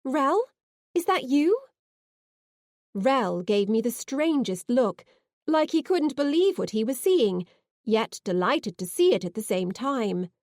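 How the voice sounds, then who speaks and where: A woman narrating a science fiction novel in the first person, expressive and heartfelt. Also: fairly high pitch, measured pace, dry recording, clean studio sound. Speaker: audiobook narrator.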